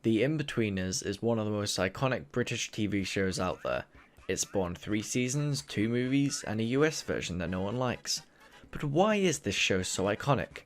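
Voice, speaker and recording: A man's voice: on the low side, lively intonation, moderate pace, faint music behind. Wry young man narrating a video essay. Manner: wry, sarcastic asides. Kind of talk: casual commentary.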